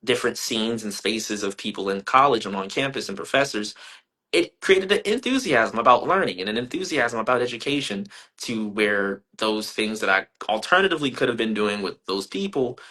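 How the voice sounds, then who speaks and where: A young man, an artist being interviewed, giving earnest, thoughtful answers that turn animated when he tells stories. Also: fairly low pitch, normal speed.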